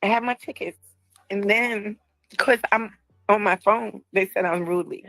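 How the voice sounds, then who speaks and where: A woman filming herself on her phone at an airport, upset and firing off sharp questions. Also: medium pitch, normal speed, vocal fry, no echo, low-quality recording. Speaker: vlogger. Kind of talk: filming herself in a casual rant.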